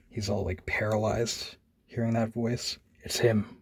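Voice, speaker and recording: A man's voice: fairly low pitch, little pitch movement, unhurried, creaky, a little hiss or hum. A young man casually reviewing a comic, rambling in a laid-back way with lots of "like" and "man".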